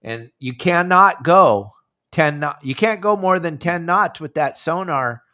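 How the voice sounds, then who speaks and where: Male podcast host, slightly high voice, animated and chatty, acts out callers, video-call sound. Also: a little slow. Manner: animated, acts out phone calls in raised voice. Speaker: fishing show host. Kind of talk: casual podcast chat.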